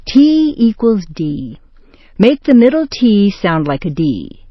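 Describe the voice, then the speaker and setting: An American woman teaching pronunciation, reading short example words and phrases with slow, exaggerated clarity. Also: medium pitch, very animated, no room sound, dull audio. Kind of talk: scripted pronunciation lesson.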